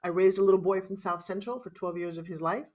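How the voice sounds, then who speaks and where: Speaking at a quick pace in a mid-range voice, a middle-aged woman from New York recounts her life as a guest in an interview. Her New York accent comes through as she tells it in a dramatic, animated way.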